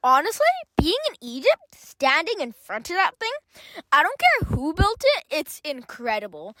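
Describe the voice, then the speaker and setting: A woman's voice: high voice, huge pitch swings, normal speed, pushed and bright, no room sound, low-quality recording. A woman co-hosting a scripted kids' history dialogue, playful and teasing as she keeps pushing a joking theory. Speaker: co-host.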